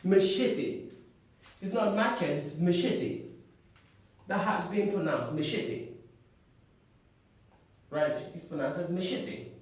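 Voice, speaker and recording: An English teacher drilling pronunciation, repeating each word slowly in a lesson. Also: mid-range voice, heavy reverb, recorded from a distance. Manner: slow, drawn-out repetition of words.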